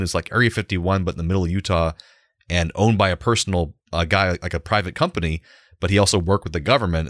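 A young adult man, co-hosting a casual podcast chat as an animated storyteller who laughs often. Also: low-pitched, dry recording, clean studio sound. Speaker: podcast co-host.

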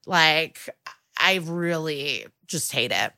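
A woman's voice: low-pitched, lively intonation, slow, sharp tone, no echo. A woman podcast co-host recapping a TV episode in a casual, sardonic, swear-heavy chat. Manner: sardonic, profane, chatty.

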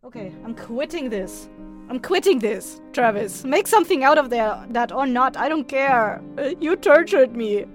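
A woman's voice: high-pitched, lively intonation, normal speed, faint music behind. A woman recording outtakes for an audio musical, laughing and mocking her own singing between takes. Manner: laughing, self-mocking, swearing at her mistakes. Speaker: voice actor recording songs. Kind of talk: studio outtakes, casual banter.

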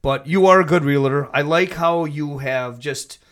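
A man hosting a casual podcast, loud, profane and rambling. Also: fairly high pitch, normal speed. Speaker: podcast host.

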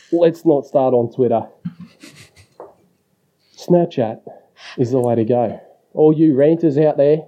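A man's voice: mid-range voice, warm tone. An Australian man leaving a crude, teasing voicemail rant for a podcast, full of swearing. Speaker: voicemail caller. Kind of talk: rowdy profane voicemail rant. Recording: muffled voicemail audio.

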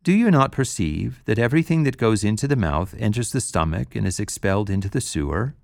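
Male reader voicing a stern teaching figure, gravelly, dry booth sound, scripture reading. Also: on the low side, lively intonation, a little fast, darkish tone, dry recording. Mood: solemn. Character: male teacher rebuking and consoling, authoritative.

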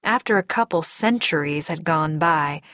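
Woman, audiobook narrator, measured storytelling, lowish voice. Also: a bit bright, no echo, clean studio sound. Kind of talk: scripted first-person narration.

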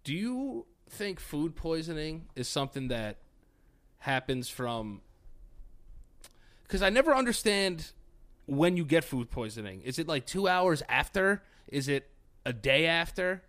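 Lively-voiced man joking around on a podcast. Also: on the high side, a little slow. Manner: crude, jokey, swears freely. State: sweaty and queasy from food poisoning. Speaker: podcast co-host. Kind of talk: casual comedic chat.

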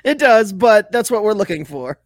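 A man's voice: high voice, sing-song, moderate pace, vocal fry, no room sound. A man co-hosting a casual sports podcast, swearing freely, laughing often and acting out officials in mock quotes. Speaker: podcast co-host.

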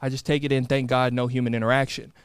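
A young man on a podcast telling an animated, sweary story, acting out quotes and laughing often. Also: medium pitch, quick pace, smooth, no echo. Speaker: podcast co-host. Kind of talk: casual storytelling chat.

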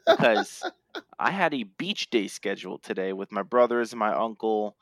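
A man co-hosting a casual podcast, talking in an animated, ranting way with playful self-hype. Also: fairly low pitch, normal speed, dry recording, studio quality. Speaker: podcast co-host. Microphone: remote podcast mic.

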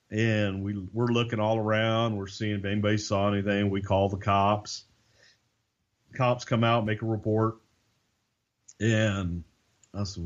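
A man's voice: fairly low pitch, a little slow, lo-fi sound. A man casually telling a long, profane story, acting out the voices of the people in it. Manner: profane, animated, acts out quoted voices.

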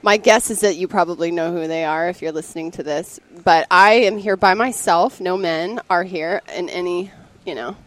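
A woman's voice: lowish voice, normal speed, hardly any pauses. A woman from Montana with a Midwestern accent, hosting a casual podcast chat at a festival and talking in an easygoing, chatty way with many fillers. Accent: Midwestern American. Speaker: podcast host. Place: expo hall at a festival.

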